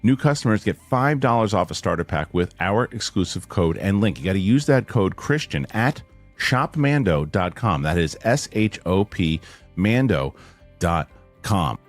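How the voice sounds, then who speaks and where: A middle-aged man hosting a casual podcast, rambling and animated, often repeating his words as he reads sponsor spots and tells stories. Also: sits low, normal speed, soft background music. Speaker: show host.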